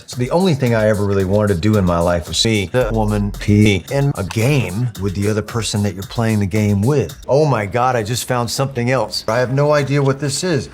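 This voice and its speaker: A man playing a brash male gaming streamer who talks in excited, hyped patter. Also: fairly low pitch, lightly acted.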